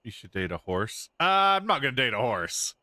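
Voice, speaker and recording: Man, streamer, sarcastic, bright voice, lively pitch. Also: brisk, no room sound. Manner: dry, sarcastic muttering. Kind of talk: casual game commentary.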